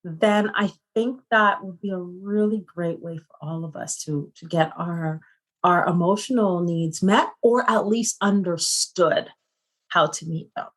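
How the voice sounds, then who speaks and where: A middle-aged woman talks as a psychotherapist guest in an interview. Her delivery is earnest and conversational. She often closes her points with a quick rhetorical question. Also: on the low side, fairly bright tone.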